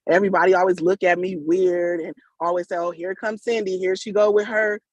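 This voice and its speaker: A woman's voice: fairly low pitch, steady tone, a little fast, no echo. Emotional grateful woman on a video call. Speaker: caller. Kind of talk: casual testimony on a video call. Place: at work.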